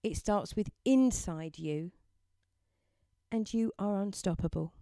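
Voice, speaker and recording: A woman giving a gentle, encouraging mindfulness talk and leading listeners through affirmations. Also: mid-range voice, slow, no echo. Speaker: self-help speaker.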